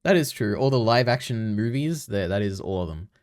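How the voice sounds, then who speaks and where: A man's voice: on the low side, lively intonation, brisk, no echo, studio quality. A man co-hosting a casual movie chat, talking hesitantly with lots of fillers and trailing hedges. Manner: hesitant, many fillers and restarts. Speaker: podcast co-host.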